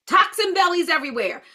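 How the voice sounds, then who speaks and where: A woman's voice: very high voice, sharp tone. A woman leading a live-streamed holistic health class, chatty and blunt, answering viewer comments as she goes.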